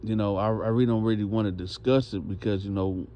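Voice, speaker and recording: A man's voice: fairly low pitch, steady tone, quick pace, highs cut off, close to an everyday voice. A man voicing a nervous young male inmate who stammers and mumbles.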